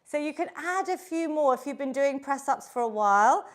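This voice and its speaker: A woman's voice: high voice, animated, normal speed. A woman leading a live online exercise class as fitness instructor, upbeat and encouraging, counting reps aloud while she exercises along.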